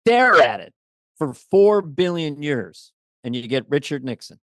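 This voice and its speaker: A man's voice: on the high side, sing-song, a little slow, a bit bright, dry recording, studio quality. A man co-hosting a casual comedy podcast, joking around and drifting into silly voices. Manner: jokey, slips into silly impressions. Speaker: podcast co-host.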